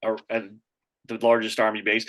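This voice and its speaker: A man's voice: on the low side, monotone, brisk, fairly bright tone, poor audio. A man, a podcast host, casually recounting, rambling with fillers and restarts. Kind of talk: casual chat.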